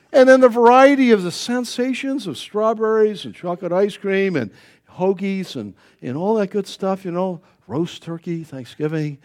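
Male pastor, middle-aged, sermon, high voice, swings all over, jokey and animated. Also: moderate pace. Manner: animated, joking, acts out voices.

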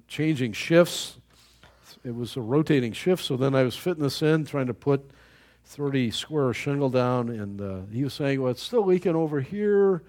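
A man's voice: medium pitch, a little mellow. A man preaching a sermon in a folksy storytelling way, chuckling at his own anecdotes and often restarting his sentences. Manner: halting with repeated restarts.

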